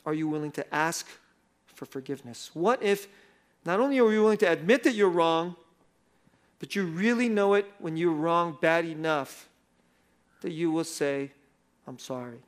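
A middle-aged male pastor delivers a sermon in a loose, conversational way, with a voice that sits high for a man. He tells stories against himself and breaks into laughter often. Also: moderate pace. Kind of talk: sermon with personal story.

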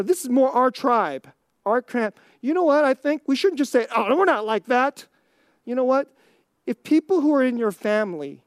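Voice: mid-range voice, a little mellow, no room sound, clean studio sound. A pastor preaching a sermon in a conversational, emphatic way, often laughing and asking the congregation rhetorical questions. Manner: asks the audience rhetorical questions.

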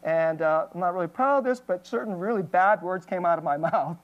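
A woman's voice: on the low side, fairly quick, lo-fi sound. A woman pastor giving an emotional, candid personal testimony in a sermon, with plenty of fillers and restarts.

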